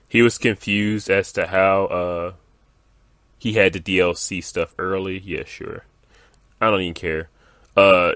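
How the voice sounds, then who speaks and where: A man's voice: deep voice, fairly bright tone, no echo, studio quality. A man ranting in a gaming video, reading out viewer comments and waving them off in an exasperated, dismissive way with lots of fillers.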